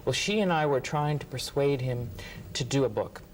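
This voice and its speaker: A man, a writer and interview guest, telling lively anecdotes and acting out what others said. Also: mid-range voice, moderate pace, a little hiss or hum, rough recording. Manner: animated, acts out quotes, laughs often. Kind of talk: anecdotal storytelling.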